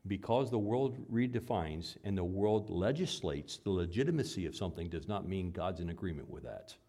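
A man, a father, preaching a sermon. He swings between loud, emphatic lines and quiet, low asides. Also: moderate pace. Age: adult father. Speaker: pastor.

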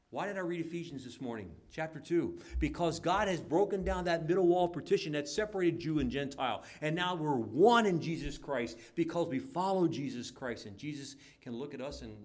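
Guy preaching a sermon, gets loud then drops real soft, acts out the quotes. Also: fairly high pitch, expressive, fairly quick. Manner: swings from loud emphatic preaching to soft near-whispered intimacy; acts out quoted lines in voices. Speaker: pastor.

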